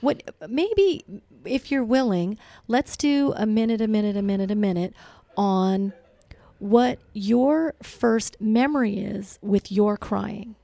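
A woman's voice: medium pitch, slow, gravelly, warm tone, no echo. Reflective woman hosting a casual chat. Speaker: host. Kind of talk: casual conversation.

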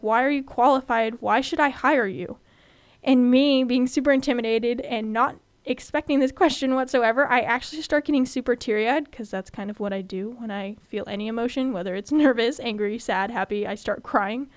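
A woman's voice: a little high, smooth, no echo. A young woman in her twenties from California hosting a student podcast, telling personal stories in a candid, chatty way. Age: 20s. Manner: chatty, candid, animated when retelling.

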